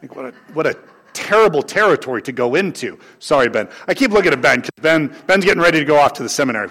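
A man preaching a sermon to his congregation, swinging between raised, emphatic lines and soft, low asides. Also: expressive, quick pace. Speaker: pastor. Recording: long hall reverb.

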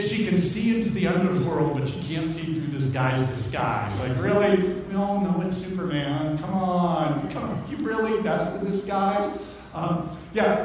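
A pastor giving a sermon, teaching scripture in a conversational way with joking asides. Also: male voice, high-pitched, a little hiss or hum. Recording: echoey hall from far off.

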